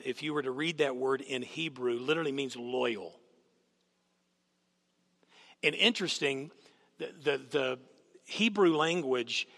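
Preaching as a guest speaker in a church sanctuary, this man has a fairly high pitch and a fairly bright tone. He animatedly tells stories and asks the congregation questions, with long hall reverb on the recording.

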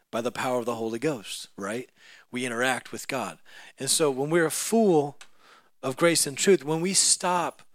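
In a church, a man with a mid-range voice preaches a sermon, telling a story with lively acted-out voices that climb to loud peaks. The audio has no echo.

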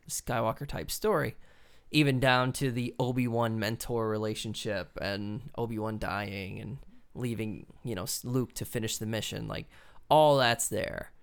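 A man's voice: mid-range voice, clean tone. A man in casual chat as a podcast co-host, talking in a loose, rambling way and swearing for emphasis.

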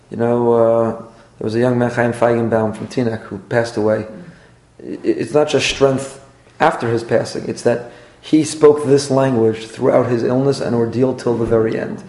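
A man, a rabbi teaching a class, lively and repetitive, acting out little dialogues as he lectures. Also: medium pitch. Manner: animated, repeats phrases and acts out little dialogues. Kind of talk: Torah class lecture with audience questions. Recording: roomy echoey room.

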